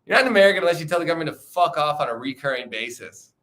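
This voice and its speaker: A man's voice: on the high side, lively intonation, very fast, fairly bright tone. Casual, profane young male streamer. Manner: loose, profane, rambling with frequent restarts. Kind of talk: casual livestream chat.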